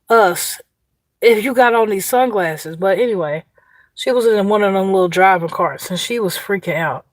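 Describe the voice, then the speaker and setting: A medium-pitched woman speaking at a moderate pace, with no echo, hosts an outdoor livestream. Her Indiana accent marks her as US Midwestern, and she tells a story casually, chatting, laughing and naming viewers as she greets them.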